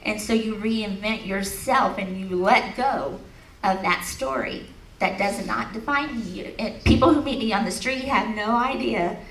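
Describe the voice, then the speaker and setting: A woman's voice: medium pitch, a little slow. Storytelling woman speaker in an echoey hall. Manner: storytelling, laughing, leading the audience in affirmations. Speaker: speaker at an expo. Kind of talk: motivational talk to a live audience. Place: large hall at an expo. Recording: echoey hall recorded from a distance.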